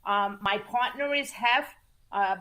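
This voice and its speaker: A woman guest in a casual interview, telling music business stories in an animated, emphatic way, repeating words for stress and cursing casually. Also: mid-range voice, slow. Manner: acts out quoted voices in lively storytelling. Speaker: music manager and entertainment attorney, guest.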